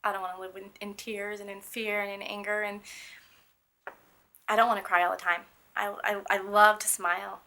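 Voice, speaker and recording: Her mid-range voice barely moves in pitch, and she speaks at a moderate pace with a sharp tone. The young woman earnestly and emphatically describes life with a painful illness in candid testimony, repeatedly restarting sentences.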